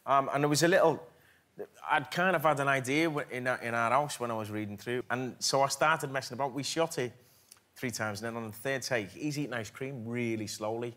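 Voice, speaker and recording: Liverpool guy on a chat show couch, bright forceful voice, laughing through his stories. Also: mid-range voice, brisk. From England. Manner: laughing storyteller, self-deprecating. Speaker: actor guest. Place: TV studio with audience.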